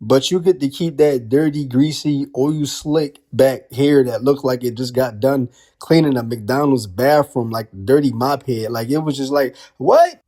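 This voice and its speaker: A man's voice: mid-range voice, steady tone, moderate pace, hardly any pauses, mellow. Man ranting in disbelief. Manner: incredulous, heavy on rhetorical questions and slang. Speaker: wrestling commentary vlogger. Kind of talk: casual ranting commentary.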